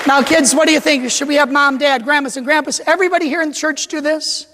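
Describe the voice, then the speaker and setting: Speaking fast in a very high-pitched, fairly even voice, this priest has his congregation repeat a cheer after him in a playful, joking sermon. The setting is a large, echoey church with the crowd behind him and a noisy background.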